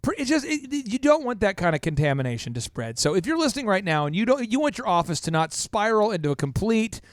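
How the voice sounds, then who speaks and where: Male podcast host, high voice, very animated, energetic salesy storytelling, dry close sound. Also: fast talker, no echo. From Minnesota. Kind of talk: business podcast banter.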